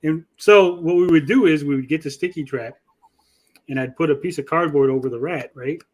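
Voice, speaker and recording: A man's voice: fairly high pitch, brisk. A man in his thirties hosting a casual podcast, telling crude stories full of swearing and acted-out quotes. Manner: swearing, storytelling, acts out quotes. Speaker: podcast host.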